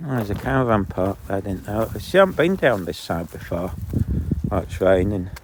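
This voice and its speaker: A man with a low voice, vlogging while walking his dog along a canal and ranting indignantly between remarks to the dog. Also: sing-song, normal speed, background noise. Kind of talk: casual outdoor vlog ranting. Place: outdoors on a canal towpath. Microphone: handheld camera.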